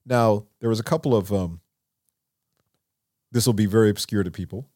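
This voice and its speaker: A man telling stories as an interview guest in a recording studio, animated and acting out what people said. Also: normal speed, no room sound. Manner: animated, acts out quotes with lively pitch. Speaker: songwriter and producer, interview guest. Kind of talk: conversational storytelling.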